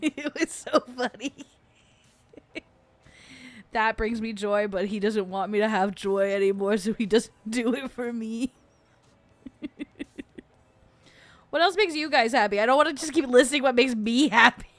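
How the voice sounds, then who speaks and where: A woman's voice: a little high, measured pace, pauses often, dry recording. A young adult woman hosting a casual livestream, rambling with lots of fillers and frequent giggles. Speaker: host.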